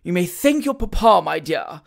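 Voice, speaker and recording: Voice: mid-range voice, very animated, moderate pace, creaky. Reader putting on a snooty middle-aged lady, whiny and reproachful, raised voice, storybook reading. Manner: reproachful, aggrieved. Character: haughty, complaining middle-aged wife of a magistrate.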